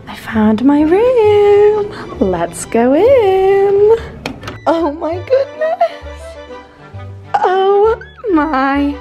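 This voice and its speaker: A woman's voice: sits low, gravelly. British woman, young, travel vlog, breathless and gushing, music underneath. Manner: gushing, breathless excitement with many exclamations. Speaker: travel vlogger.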